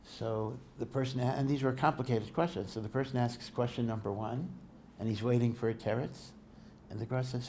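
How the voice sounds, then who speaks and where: Heard on a podcast recording with a little hiss or hum, this rabbi's mid-range, mellow voice stays fairly even at a normal speed. His Torah lecture wanders conversationally through stories, with frequent sentence restarts and Hebrew and Yiddish study terms.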